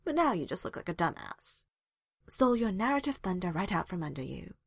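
A woman voicing a brash female warrior who shouts and teases. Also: on the low side, brisk, gravelly, breathy edge, no echo, clean studio sound, heavily acted. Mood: teasing. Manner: excited, shouting, teasing.

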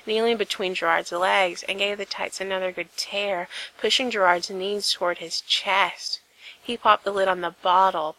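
Woman reading a story in a bright voice. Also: medium pitch, gravelly, rough recording. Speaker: narrator. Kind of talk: reading fan fiction aloud.

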